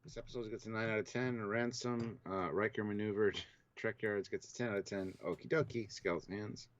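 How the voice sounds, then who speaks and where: A man's voice: on the low side, fairly even intonation, fairly quick, a crowd in the background. A man co-hosting a live stream, reading viewer names and comments aloud in a plain, matter-of-fact way. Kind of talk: casual live-stream discussion. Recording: dull lo-fi mic.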